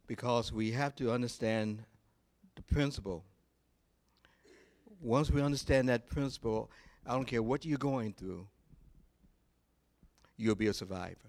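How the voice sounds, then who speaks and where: A male pastor preaching a sermon, telling a story in a slow, deliberate way with pauses. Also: medium pitch, a little mellow.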